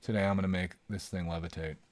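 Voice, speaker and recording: A man doing a deadpan impression of a famous street magician, speaking in a flat, sleepy monotone. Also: sits low, fast talker, dry recording, voice pushed down, natural voice.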